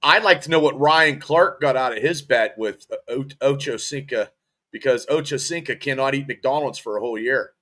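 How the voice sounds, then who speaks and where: Bright-voiced joking man co-hosting. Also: mid-range voice, normal speed. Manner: joking, storytelling. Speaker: podcast co-host. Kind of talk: casual sports chat.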